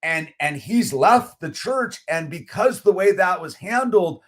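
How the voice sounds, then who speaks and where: A man's voice: sits high, expressive, a little slow. Man heatedly retelling a church dispute, "dude"-heavy. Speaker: channel host. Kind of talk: casual storytelling.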